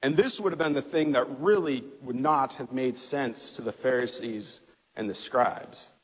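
Male pastor, conversational sermon delivery, slightly husky tone, reverberant sanctuary. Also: medium pitch, normal speed. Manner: conversational preaching with fillers and restarts. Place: church sanctuary. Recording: long hall reverb.

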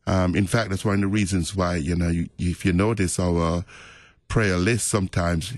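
A middle-aged man, a pastor, talking about faith in a relaxed, reflective, storytelling way. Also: low-pitched, moderate pace, no room sound, clean studio sound. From Jamaica. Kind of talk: casual faith conversation.

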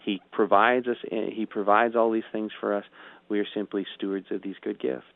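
A man's voice: on the low side, steady tone, moderate pace, creaky. A man, a guest pastor, discussing a psalm with many restarts and repeated "you know"s. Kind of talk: casual theological discussion. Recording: thin phone-line sound.

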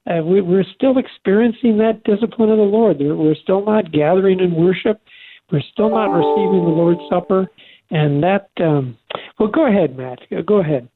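Over a phone line, an earnest older man with a high-sitting voice co-hosts a radio show. His conversational faith talk is halting, full of restarts.

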